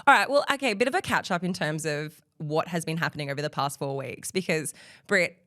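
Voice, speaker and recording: A woman chats on a podcast with a lively, bouncing pitch and a self-mocking, chatty manner. Her voice sits close and dry on the mic. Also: fast talker, no room sound. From Australia. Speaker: podcast co-host. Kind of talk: casual chat.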